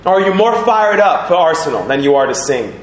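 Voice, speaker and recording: A man preaching a lively sermon in a church, animated, breaking into sung lines and laughter, asking the congregation questions. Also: on the high side, a little fast. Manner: animated, sings snatches, laughs, asks the crowd questions. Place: church hall. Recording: echoey church with congregation responding.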